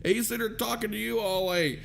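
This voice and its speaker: A man's voice: high-pitched, fairly even intonation, fast, vocal fry, fairly bright tone, slight background noise. A man casually telling a story, laughing often and swearing freely. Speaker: vlogger.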